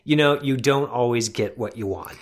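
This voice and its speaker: Man, podcast host, film review, measured delivery, middle pitch. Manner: measured, scripted-sounding introductions with small restarts.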